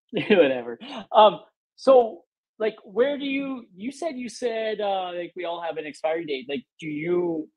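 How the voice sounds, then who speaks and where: This podcast host swears his way through casual work stories, animatedly performing the quotes of people involved. He speaks at a measured pace in a high voice, in a low-quality recording with no echo.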